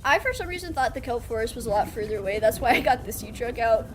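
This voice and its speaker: A woman's voice: a little high, animated, quick pace, a little hiss or hum. A woman streaming a video game, chatting casually and playfully with her chat and laughing often. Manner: chatty, giggly, playful, reads chat aloud. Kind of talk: casual live-stream chat while gaming.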